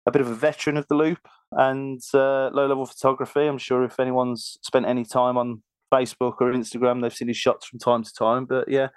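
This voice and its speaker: A man's voice: medium pitch, level tone, brisk, clear, resonant tone, no room sound. A man with a Birmingham accent hosting a casual podcast chat, talking loosely with lots of fillers and frequent laughs, recorded over a remote call. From Birmingham, England. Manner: chatty, laughs often, filler-heavy. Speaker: podcast host.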